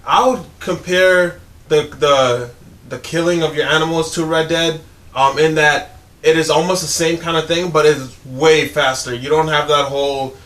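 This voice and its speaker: A man's voice: on the high side, steady tone, moderate pace, fairly bright tone. A young man co-hosting a gaming news show in casual, enthusiastic chat, often saying "you know".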